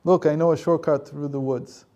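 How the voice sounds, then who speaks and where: A man's voice: a little high, fairly even intonation, normal speed, warm tone, highs cut off, lightly acted. A man voicing a persuasive young male tempter who urges and coaxes. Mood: coaxing.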